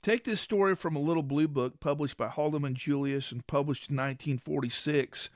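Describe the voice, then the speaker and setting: A man co-hosting a podcast, explaining ideas in a conversational, measured way. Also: fairly high pitch, dry recording, clean studio sound. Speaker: podcast co-host. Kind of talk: casual explanatory discussion.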